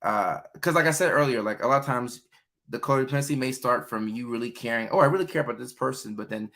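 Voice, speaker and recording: A man's voice: mid-range voice, fast, vocal fry, a bit bright. A young adult man hosting a livestream, chatting casually about relationships and answering viewer questions, with lots of fillers. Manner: loose and chatty, many fillers, acts out quoted voices. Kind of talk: casual live chat.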